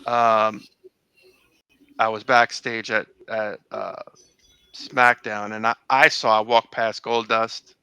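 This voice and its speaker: A man's voice: fairly low pitch, flat delivery, takes it slowly, pushed and bright, clear, resonant tone, dry recording, rough recording. A middle-aged man recalling old times in a casual interview, rambling with many fillers and restarts. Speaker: interview guest.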